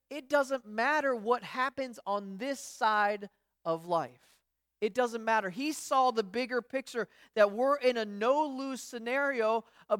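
A woman with a fairly high voice gives a conversational sermon as a pastor, recorded in studio quality without echo. She tells stories, restarts often, and performs the voices of people she quotes.

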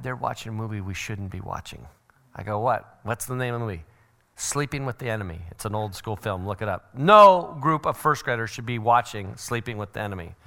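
A middle-aged man giving a church parenting seminar, animated and joking, often acting out what other people say. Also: medium pitch. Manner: animated, acts out quoted voices. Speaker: seminar speaker.

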